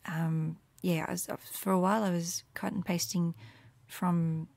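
A woman with a lowish voice talks through her Latin teaching materials in a relaxed, meandering way. She fills gaps with ums and drops into soft murmured asides. The sound is dry and close, with no room echo. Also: a little slow, creaky. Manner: casual and rambling, with many fillers and soft murmured asides. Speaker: Latin teacher making resources. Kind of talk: screen walkthrough tutorial.

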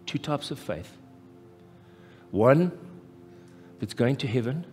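A man with a South African accent preaching a live sermon as pastor, impassioned and rising to loud, emphatic peaks. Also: mid-range voice, expressive, takes it slowly. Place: church hall, live. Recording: echoey church hall with faint music.

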